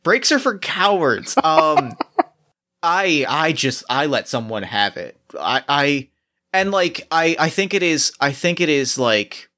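A man's voice: fairly high pitch, takes it slowly. Rambling man telling a story. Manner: rambling, with many restarts and animated bursts. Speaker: game host reading prompt cards. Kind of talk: casual improvised storytelling chat.

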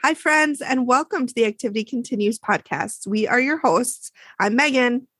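A woman co-hosting a casual podcast, telling a scary story with animated, exaggerated drama and acted-out dialogue. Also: a little high, normal speed, breathy edge, dry recording. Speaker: podcast co-host. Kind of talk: casual chat.

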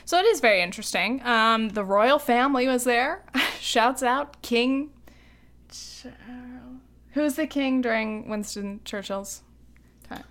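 Young woman, podcast co-host, slightly high pitch, casual, giggly and chatty. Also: a little slow, a bit bright. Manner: chatty and giggly, many ums and likes. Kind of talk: casual chat.

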